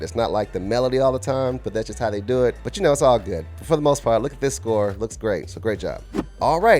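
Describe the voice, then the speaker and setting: Chatty man reviewer, mid pitch, faint music under him, talks right to the audience. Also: a little mellow. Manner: chatty, direct, speaks straight to viewers. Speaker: band reaction reviewer. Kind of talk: casual spoken review.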